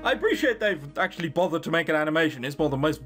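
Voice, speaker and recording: A man's voice: fairly high pitch, lively intonation, very fast, a bit bright, faint music behind. An English man giving sarcastic, swear-laden commentary while playing a visual novel. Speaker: gaming YouTuber.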